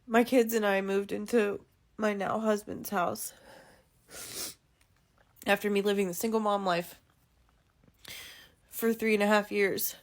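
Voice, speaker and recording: A woman in her thirties, a mother, venting in an exasperated vlog rant full of swearing that climbs to near shouts. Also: medium pitch, steady tone, a little slow, long pauses. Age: 30s. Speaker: mother venting about costs.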